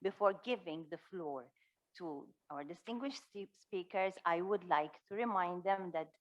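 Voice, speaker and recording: Lower-voiced woman chairing a session. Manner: formal, measured, with hesitant "um" fillers. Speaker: session moderator. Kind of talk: formal conference chairing. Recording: dull lo-fi sound.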